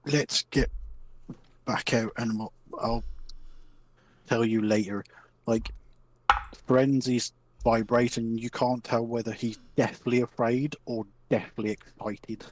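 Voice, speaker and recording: A man playing a tabletop game, making drawn-out, wry remarks. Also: mid-range voice, level tone, no echo, low-quality recording. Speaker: player. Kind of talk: casual tabletop play.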